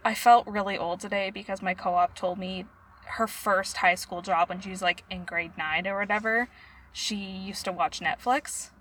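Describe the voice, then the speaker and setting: A young woman co-hosting a podcast in casual chat, chatty and quick to giggle as she tells stories. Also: mid-range voice, fairly even intonation, fairly bright tone, slight background noise. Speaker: podcast co-host.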